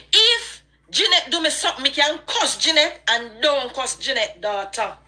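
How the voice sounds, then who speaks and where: A woman's voice: high-pitched, sharp tone. A woman with a Jamaican accent, hosting a live stream and delivering a passionate, preachy rant. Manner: emphatic and preachy. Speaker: online live-stream host.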